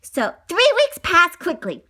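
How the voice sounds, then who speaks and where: A woman reading a children's story aloud, animated and giggly, with gushing asides. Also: very high voice, unhurried.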